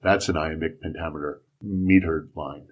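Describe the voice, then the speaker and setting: A man's voice: a bass voice, fairly even intonation, normal speed, highs cut off. A man guest on a library podcast, patiently explaining poetry in a conversational interview. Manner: patient explaining, spells out rhythm. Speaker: Shakespeare instructor, guest. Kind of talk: casual interview talk.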